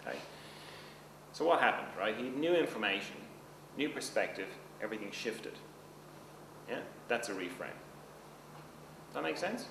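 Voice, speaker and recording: A man's voice: lowish voice, expressive, normal speed, vocal fry, long pauses. A man teaching a seminar class, talking in a loose conversational way and checking in with his listeners often. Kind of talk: seminar lecture. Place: seminar room. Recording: roomy, distant mic with background noise.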